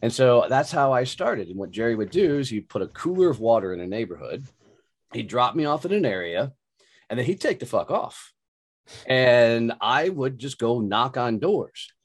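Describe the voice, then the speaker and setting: A man's voice: mid-range voice, husky. A middle-aged man from Texas, a podcast guest telling a long personal story in a casual, profane, colorful way.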